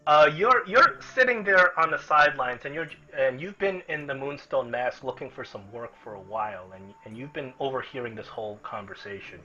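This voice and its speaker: A man narrating as game master in an easygoing, rambling way, with a husky voice. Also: medium pitch, lively intonation, brisk, hardly any pauses, sharp tone, lo-fi sound, soft background music. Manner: easygoing, restarts a lot.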